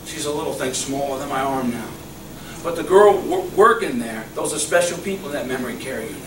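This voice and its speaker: A middle-aged male pastor preaching a sermon, swinging from loud exclamations to soft, low murmurs, recorded in a church. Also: brisk. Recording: echoey church hall, mic at a distance, faint hum.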